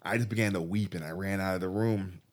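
A man earnestly telling a personal faith story, often halting and restarting his sentences. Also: sits low, steady tone. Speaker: guest telling his testimony.

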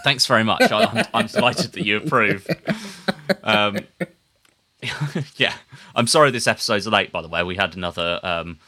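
A man with a posh English accent, a podcast co-host, feeling woozy and telling a rambling, halting story with frequent laughs. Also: fairly low pitch, sharp tone. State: woozy after a blood test. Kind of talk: casual chat.

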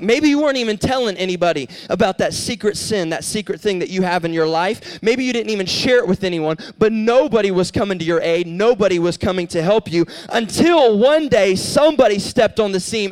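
A man's voice: high-pitched, animated, brisk, few pauses. A young man preaching as a youth pastor, telling a story and acting out the dialogue with a rising voice.

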